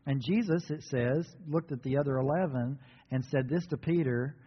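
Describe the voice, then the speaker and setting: A man preaching a sermon, telling Bible stories in an animated way and acting out the voices of the people in them. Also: mid-range voice, moderate pace, breathy edge. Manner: animated storytelling, acts out biblical dialogue. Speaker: pastor. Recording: dull, muffled sound with long reverb.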